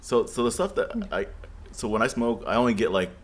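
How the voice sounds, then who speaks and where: A man's voice: mid-range voice, sing-song, brisk. A man in casual chat, asking curious questions and laughing along.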